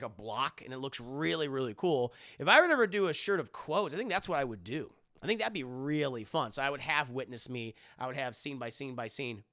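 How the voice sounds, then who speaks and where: Casual male streamer, joking, bright and gravelly. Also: fairly high pitch, no room sound, studio quality. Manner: joking, animated, quick impressions. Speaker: live streamer. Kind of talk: casual live-stream chat, reading chat.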